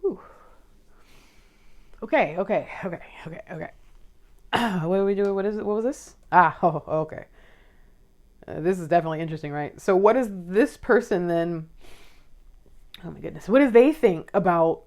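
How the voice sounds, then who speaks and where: A woman's voice: fairly low pitch, brisk, a little mellow. A woman giving a casual, emotional tarot reading and talking straight to her viewers. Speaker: tarot reader.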